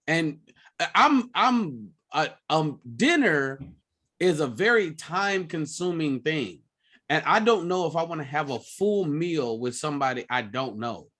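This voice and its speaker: A man hosting a comedy podcast in casual chat, animated and laughing often, jumping high when he acts out stories. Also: measured pace. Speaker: podcast host.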